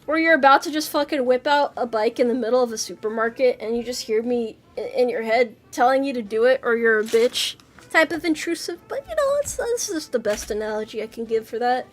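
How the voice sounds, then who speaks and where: A VTuber streamer with a fairly high, expressive voice talks fairly quickly as she chats casually with her chat from her home PC. Swearing often and playful, she mutters and exclaims to herself while assembling a model.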